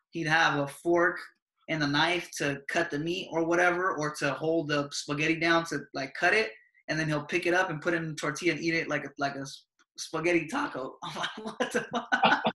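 Bright-voiced man telling laid-back stories. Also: on the high side, roomy sound. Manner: laid-back slang-heavy storytelling, laughs often. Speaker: podcast host. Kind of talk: casual chat.

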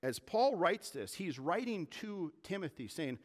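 Animated preacher man in a reverberant hall. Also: high voice. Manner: animated, gets worked up, fast bursts of indignation. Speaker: pastor. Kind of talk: sermon.

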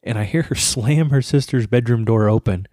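A man's voice: medium pitch, normal speed, warm tone, no echo, clean studio sound. A man in his thirties chatting casually as a co-host, telling stories with laughter and casual swearing. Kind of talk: casual chat.

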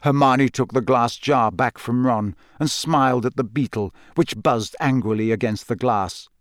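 A man reading a novel aloud as narrator, in a measured, even storytelling way, close to the mic. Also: medium pitch, no echo. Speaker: audiobook narrator. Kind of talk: scripted narration.

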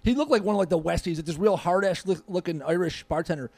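A man in his forties, a podcast guest, telling stories in an animated, profane, casual way. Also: high-pitched, fast talker, vocal fry, no echo.

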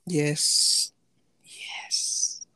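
A man's voice: drawn-out words, sharp tone, no room sound. A man co-hosting a podcast, talking loosely in slang and laughing often as he tells stories. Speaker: podcast co-host. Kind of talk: casual chat.

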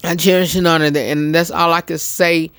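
A man's voice: a little high, flat delivery, a little fast, fairly bright tone, clean tone, no room sound. A man hosting his own show, chatting casually to his live-stream audience, rambling with many ums and restarts while eating. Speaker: show host. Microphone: phone.

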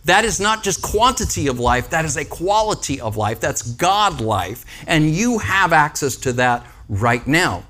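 A man delivers a sermon as a pastor in a fairly high voice that rises and falls a great deal. He keeps it casual and joking, and often checks in with the congregation with "right?" and "Amen?". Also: sing-song, measured pace, few pauses, fairly bright tone. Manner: conversational, with joking asides and frequent "Amen?" and "right?".

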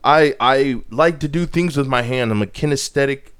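A young man hosting a podcast, chatting casually with an expressive, sing-song delivery. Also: medium pitch, moderate pace, clear, resonant tone. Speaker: podcast co-host. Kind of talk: casual chat.

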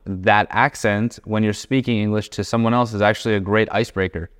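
A man hosting a podcast interview, asking measured, thoughtful questions. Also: fairly low pitch, steady tone, clean tone. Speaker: podcast host.

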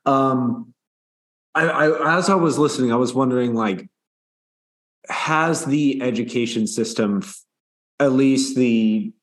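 A man's voice: mid-range voice, takes it slowly, pauses often. A man co-hosting a podcast in casual chat, speaking thoughtfully and rambling with frequent restarts. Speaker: podcast co-host.

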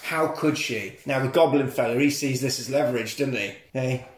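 A man's voice: mid-range voice, normal speed. A man recapping a film plot as a podcast host, jokey and sweary. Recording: echoey room.

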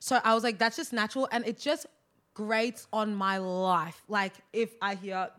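A young woman with an Australian accent, a musician guest in a casual chat, talking fast with many fillers and letting sentences fade away. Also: mid-range voice, fairly even intonation. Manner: fast, filler-heavy, trailing off quietly.

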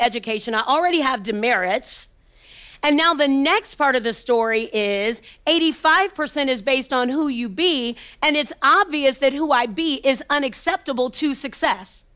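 Woman telling her own story slow and emphatic, kinda high voice, long pauses, goes almost whispery sometimes. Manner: dramatic pauses, sometimes drops to a hushed near-whisper; emphatic, repetitive rhythm. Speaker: motivational speaker. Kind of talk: personal storytelling talk.

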